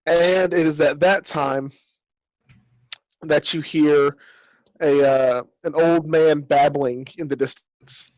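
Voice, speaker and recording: Rambling male game master, slightly high voice. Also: fairly even intonation, slow, no room sound, low-quality recording. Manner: rambling, with many fillers and restarts. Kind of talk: narrating a tabletop game.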